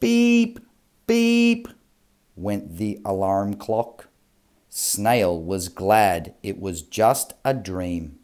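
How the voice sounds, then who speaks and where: A man reading a children's story aloud in a slow, clear, sing-song way. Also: low-pitched, a little mellow.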